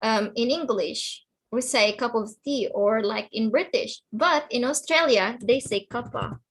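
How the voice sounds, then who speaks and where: A woman's voice: fairly high pitch, a little slow, breathy edge, poor audio. A woman teaching an online English class to children, explaining patiently and often checking that the students understand.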